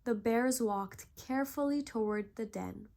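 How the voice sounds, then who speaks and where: A woman narrating a bedtime story with calm, gentle warmth of pace, unhurried and soothing. Her voice sits a touch high and she takes her time over every line. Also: gravelly.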